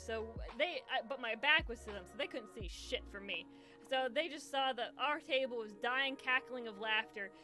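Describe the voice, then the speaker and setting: A young woman hosting a charity livestream tells a story casually, full of swearing and laughter, while lofi hip hop plays behind her. Her voice is a little high, bright and forceful.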